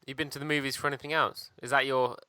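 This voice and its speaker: Man, podcast co-host, jokey quick remarks, very bright tone, dry close sound. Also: mid-range voice, flat delivery, clean tone, dry recording. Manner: jokey short interjections. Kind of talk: casual podcast chat.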